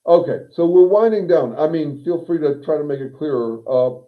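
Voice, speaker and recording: A man's voice: fairly high pitch, moderate pace. A man hosting a livestream monologue, thinking aloud in a wry, digressive way with frequent restarts. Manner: wry, reads viewer comments aloud. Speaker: livestream host and consultant. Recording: tinny phone-like audio.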